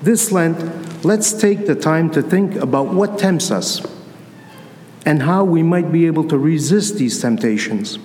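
A man's voice: a little high, expressive, a little slow, a little mellow. A man giving a Sunday homily, telling a personal story in a conversational way and acting out the dialogue. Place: church. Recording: echoey church with long reverb, faint ambience.

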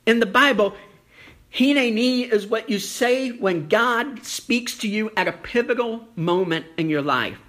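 A preacher giving a sermon, telling a folksy story with lots of ums and uhs and slowing down for emphasis. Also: mid-range voice, sharp tone. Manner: folksy storytelling with many fillers; slows down for emphasis.

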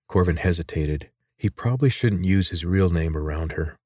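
A man narrating a story aloud in measured storytelling style. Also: low-pitched, darkish tone, no room sound, studio quality. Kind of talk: scripted audiobook narration.

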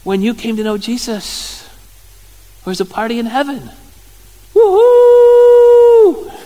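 A man, a pastor giving a sermon in a playful, joking storytelling way with sudden loud exclamations. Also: high voice, normal speed. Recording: church hall reverb.

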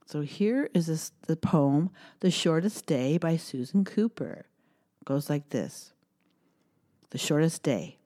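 A middle-aged woman teaching young children, singing songs and reading a poem in a gentle, sing-song way with cheerful cheers. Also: low-pitched, animated, unhurried.

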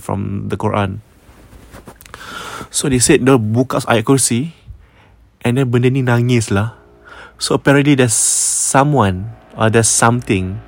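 A man's voice: medium pitch, no room sound. A man with a Malaysian English accent, telling a ghost story casually, chatty and sprinkling in Malay words. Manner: chatty, mixes Malay words, frequent restarts.

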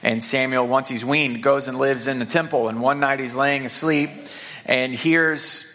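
A pastor from the Saint Louis area giving a Sunday sermon in a relaxed, conversational voice. He trips over a word now and then and repeats it. His voice sits at a middle pitch for a man. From Saint Louis area, Missouri. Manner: conversational, with fillers and repeated words; reads scripture aloud, slowing for emphasis.

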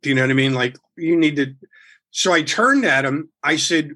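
Man, husky voice, pitched a bit high, rambling storyteller guest, loose and profane. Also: normal speed. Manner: animated, rambling with restarts. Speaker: guest musician. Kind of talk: casual storytelling, swearing freely.

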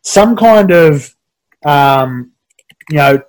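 A man hosting a casual interview on a video call, halting with many restarts. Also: on the high side, animated, low-quality recording. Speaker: podcast host.

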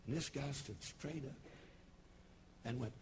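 A pastor in his sixties with a Tennessee Southern accent, preaching a folksy, humorous sermon with homespun storytelling and sudden shouted bursts. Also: medium pitch, unhurried, noisy background. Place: church service broadcast on television.

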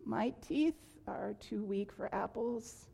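A woman's voice: mid-range voice, slow, gravelly, mellow, slightly rough, exaggerated voice. A woman reading aloud and voicing a boy in a storybook who keeps asking for things, plain and matter-of-fact. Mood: weary. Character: boy growing from child to tired old man.

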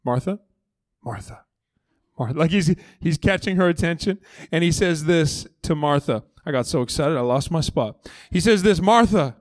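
Animated man preaching a sermon. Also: on the high side, normal speed, dry recording. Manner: conversational and animated, acting out voices of the story. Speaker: lead pastor. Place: church auditorium stage.

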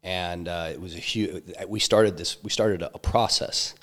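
A man with a very deep, low voice recounts a hard personal episode in an interview. He talks haltingly, restarting sentences and filling gaps with ums. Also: steady tone, fairly bright tone. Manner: halting, many restarts and fillers. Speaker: interview guest, entrepreneur. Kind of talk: candid personal storytelling.

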